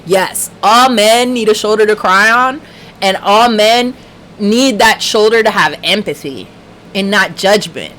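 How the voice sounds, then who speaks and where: A woman's voice: medium pitch, measured pace, a bit bright, slight background noise, low-quality recording. A young woman hosting a casual livestream chat, talking passionately with lots of swearing and frequent laughs. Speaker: livestream host.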